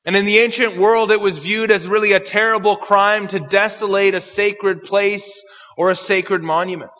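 High, bright-voiced man preaching. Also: steady tone, in a large hall. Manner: explains verse by verse, quotes scripture slowly. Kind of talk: expository sermon.

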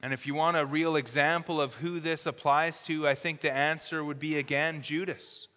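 A man's voice: on the high side, steady tone, normal speed, bright, forceful tone. A male pastor preaching a sermon, reading scripture aloud and giving earnest, urgent warnings. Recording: long hall reverb.

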